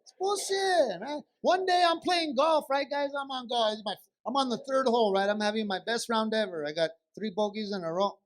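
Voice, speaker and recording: A man's voice: very high-pitched, a little fast, hardly any pauses. A man performing a stand-up comedy set on stage, telling stories and acting out a back-and-forth with his wife. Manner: animated storytelling, acts out wife and himself. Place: comedy stage at a benefit show.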